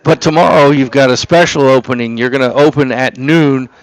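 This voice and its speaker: A man's voice: medium pitch, fairly even intonation, a little fast, poor audio. A man hosting a casual on-location radio interview, joking and laughing, and losing his voice. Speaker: radio show host.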